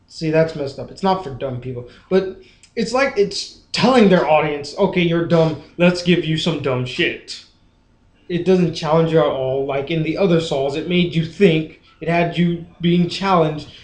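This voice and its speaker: A man's voice: a little high, darkish tone, roomy sound. A young man ranting in a frustrated movie review vlog, full of fillers like "like.". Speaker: vlogger.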